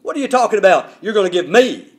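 A scornful, indignant Samaritan woman at a well, challenging and sharp-tongued, as a male preacher acts her out. The voice swings widely in pitch, climbing high on her barbs. It sits fairly high for a man's voice. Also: big pitch swings, fast.

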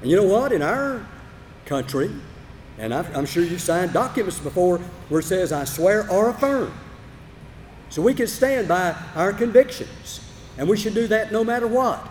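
An older man preaching a sermon, emphatic and storytelling, with big swings between loud and soft. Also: high-pitched, animated, moderate pace, a little hiss or hum. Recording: reverberant hall, faint room ambience.

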